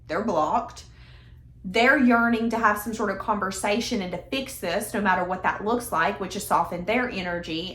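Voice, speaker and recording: A woman's voice: mid-range voice, a bit bright. A woman giving a casual tarot reading in a chatty, emphatic, conversational way. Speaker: tarot reader. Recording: echoey room.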